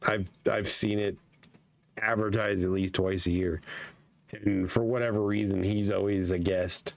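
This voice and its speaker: A man talks in a loose, profane podcast chat, his voice hoarse and nearly gone. His low voice is gravelly and creaky throughout. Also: flat delivery, unhurried. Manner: swears casually, laughs often. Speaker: podcast guest. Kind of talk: casual chat.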